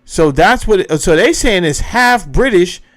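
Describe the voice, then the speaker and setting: A man's voice: high voice, expressive, unhurried. Rambling man thinking aloud. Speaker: host. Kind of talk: casual commentary while browsing clips.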